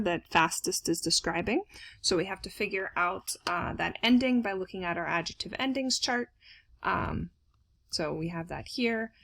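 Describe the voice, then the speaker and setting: A woman's voice: lowish voice, a bit bright. A woman teaching German grammar in a recorded lesson, explaining step by step with frequent fillers.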